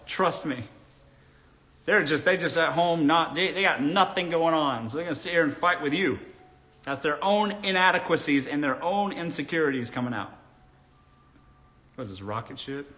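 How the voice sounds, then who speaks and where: A man's voice: a little high, pushed and bright. A young man hosting a casual live Q&A from a room indoors. He reads viewer comments aloud, answers bluntly, jokes and often laughs. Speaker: live Q&A host. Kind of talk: casual live-stream chat. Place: indoor room lit by a ring light.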